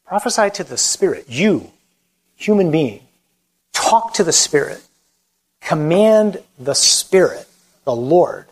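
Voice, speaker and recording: The audio is poor. This slightly high-voiced man is a Catholic priest who chats lively about evangelization, dramatizing quotes as he preaches, before guiding listeners through a closing prayer.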